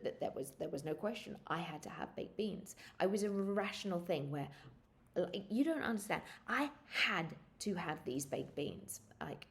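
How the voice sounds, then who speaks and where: A woman in her thirties casually telling animated stories, laughing and jumping into high squeals when she acts out what people said. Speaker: vlogger sharing pregnancy experiences. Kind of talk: casual storytelling.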